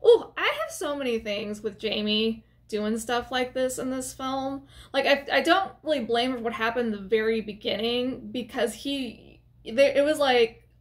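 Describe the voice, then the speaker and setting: A woman casually recapping a horror film for her channel, chatty and expressive, with plenty of filler words and side comments. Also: a little high, normal speed. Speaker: movie reviewer. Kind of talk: casual movie recap to camera.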